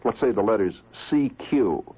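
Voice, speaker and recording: A man with a somewhat low, husky voice talks informally to listeners, his pitch rising and falling in a lively way. He often starts his sentences over and chuckles between thoughts. The sound is dull and lo-fi, like an old broadcast tape. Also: normal speed. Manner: animated, with chuckles and frequent restarts. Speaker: amateur radio operator. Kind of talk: informal explanatory talk to listeners.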